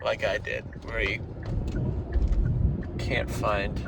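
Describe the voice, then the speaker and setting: Chill guy vlogging while he drives home, sitting far from the mic, loud car noise. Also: fairly low pitch, flat delivery, extremely slow. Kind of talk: casual vlog chat.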